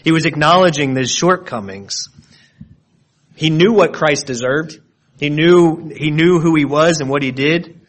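Man, preacher, expository sermon, slightly high voice, earnest teaching tone, frequent restarts. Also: a little slow. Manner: explains word meanings, earnest and searching; restarts and repeats words often.

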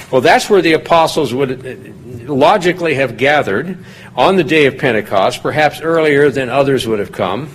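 A man at a medium pitch gives a relaxed, rambling sermon, chatting through the background of a passage. When he reads the verses aloud, his voice climbs higher and grows louder. A faint hum of room ambience sits behind him. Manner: folksy and digressive, rising in pitch and volume when reading scripture aloud. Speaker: pastor teaching a Bible study. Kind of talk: conversational sermon.

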